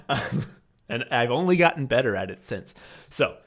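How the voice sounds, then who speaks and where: Bright-voiced sardonic man telling a story. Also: mid-range voice, animated, moderate pace. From Chicago suburbs. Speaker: podcast co-host. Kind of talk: casual chat, storytelling.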